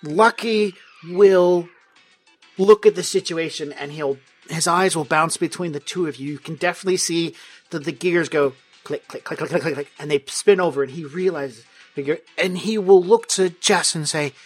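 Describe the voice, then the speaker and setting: A man's voice: on the high side, fairly even intonation, normal speed, faint music behind. A man narrating a tabletop game as game master, telling the story vividly and playfully.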